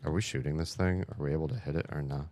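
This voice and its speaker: A man playing a video game and commenting as he goes, excitable and jokey, reading in-game emails aloud. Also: rumbling low, fast, soft background music. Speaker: gaming streamer. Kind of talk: let's play commentary.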